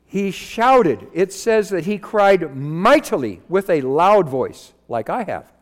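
A man's voice: sits high, big pitch swings, slow pace. A male pastor preaching a sermon into a microphone, firing rhetorical questions at the congregation. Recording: long hall reverb.

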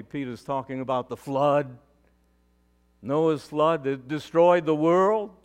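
A male pastor delivering a sermon, preaching with emphatic rises and sudden quiet drops. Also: fairly high pitch, slow, clean tone.

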